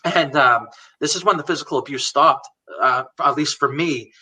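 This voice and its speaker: A man's voice: fairly high pitch, moderate pace, pushed and bright. A man in his forties, a guest in a live chat, candidly telling a personal story and retelling conversations line by line. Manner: candid, retells conversations word for word, laughs now and then. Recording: voice a bit far from the mic.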